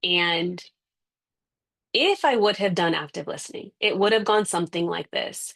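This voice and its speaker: A woman parenting coach speaks from home over a video call, her fairly low voice carrying a gravelly rasp. She is chatty and acts out everyday scenes as she explains. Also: normal speed, a bit bright. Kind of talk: casual interview answer. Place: home with kids and a dog nearby.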